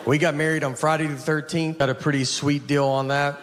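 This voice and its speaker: A man with a Southern US accent telling stand-up stories in a dry, deadpan way. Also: fairly high pitch, fairly quick, a little hiss or hum. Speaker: stand-up comedian. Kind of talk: stand-up set and talk show chat.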